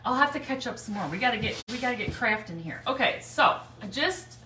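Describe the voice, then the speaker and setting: A chatty woman hosts a live craft stream from home, calling out viewers by name and laughing often. Her voice is fairly high and bright. She sits a little back from the mic in an echoey room. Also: animated, a little fast, a little hiss or hum. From Michigan, United States. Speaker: craft livestream host. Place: home, snowy day. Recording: echoey room, speaker a bit far from mic.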